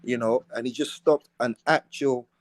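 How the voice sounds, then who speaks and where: A man's voice: medium pitch, fairly even intonation, moderate pace. A man, rambling with lots of fillers and slang in a panel discussion.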